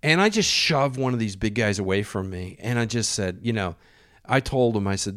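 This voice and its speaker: A man telling a wild anecdote in a casual, animated way, with lots of swearing and vivid detail. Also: lowish voice, moderate pace, no room sound, studio quality. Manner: profane, animated, vivid storytelling. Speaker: storyteller.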